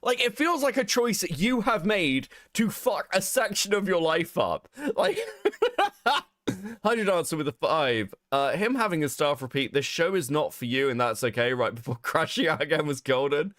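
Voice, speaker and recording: A man's voice: a little high, moderate pace, no room sound, clean studio sound. A young man co-hosting a stream, reacting casually with frequent laughs and swearing. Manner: animated, laughs often, swears freely. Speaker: streamer co-host.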